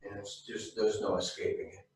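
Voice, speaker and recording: A man's voice: fairly low pitch, steady tone, moderate pace, a little mellow. A man in a class, hesitantly sharing his thoughts in casual discussion. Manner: hesitant, searching for words. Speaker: student in a class. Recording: echoey room, far from mic.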